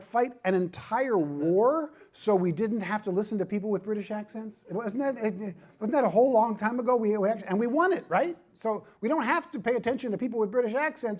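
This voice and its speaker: A middle-aged man gives a humorous talk at a ministry conference. His voice sits a little high and has a husky grain. He mixes self-deprecating jokes with emphatic, repeated points. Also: darkish tone. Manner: self-deprecating, joking asides, emphatic repetition.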